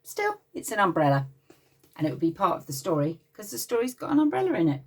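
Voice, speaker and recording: Lively English woman reading a picture book. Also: medium pitch, slightly rough, recorded from a distance. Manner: lively, expressive, pauses to talk to the children. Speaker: playgroup leader reading to children. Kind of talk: read-aloud storytime for young children.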